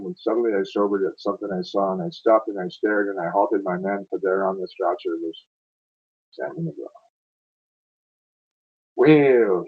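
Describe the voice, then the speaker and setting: Amateur male poetry reader, low and husky, stumbling and self-correcting, on a dull lo-fi home recording. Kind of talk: reading narrative verse aloud, then casual aside.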